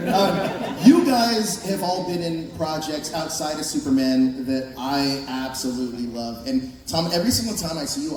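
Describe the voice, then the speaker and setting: A man moderating a convention panel, asking questions with a fan's enthusiasm. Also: on the high side. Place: large convention hall with an audience. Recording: echoey hall recording from far off with background noise.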